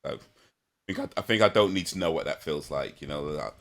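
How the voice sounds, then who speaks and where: A man's voice: rumbling low, quick pace, fairly bright tone. A man hosting a podcast, talking in casual chat, easygoing, chuckling often and restarting his sentences. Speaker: podcast host.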